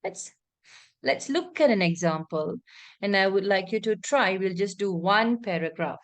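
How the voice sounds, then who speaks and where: Teaching English online, this Malaysian-accented woman speaks at a medium pitch and never hurries. Her explanations are patient, punctuated by frequent check-ins with students, and she brings example passages to life with expressive reading.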